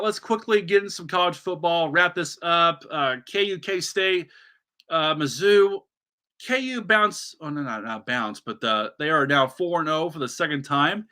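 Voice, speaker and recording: A man's voice: high voice, bright, forceful tone. A man hosting a solo sports podcast, ranting animatedly with many restarts and asides.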